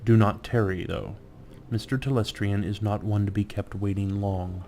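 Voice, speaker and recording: A man's voice: on the low side, fairly even intonation, normal speed, warm tone, a little hiss or hum, lightly acted. A man voicing a prim, fussy male elf butler in a video game, speaking stiffly and formally.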